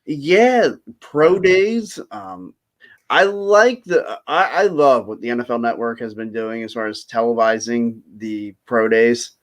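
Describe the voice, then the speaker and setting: A man's voice: medium pitch, animated, measured pace. A man hosting a casual sports chat, easygoing and a bit hesitant, an eager football draft fan. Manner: easygoing, self-described draft geek, hesitant fillers. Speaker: host.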